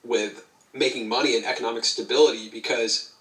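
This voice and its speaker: A man's voice: medium pitch, fairly even intonation, a little fast, fairly bright tone, distant mic. A man interviewing a creator, asking questions enthusiastically with plenty of fillers and cited figures. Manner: enthusiastic, citing stats, filler-heavy. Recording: echoey room, away from mic.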